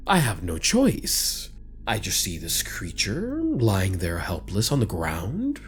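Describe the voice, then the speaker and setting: A man's voice: low-pitched, wildly swooping pitch, slow, faint music behind, full character voice. A man voicing an earnest male creature who pleads in a raised voice. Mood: pleading.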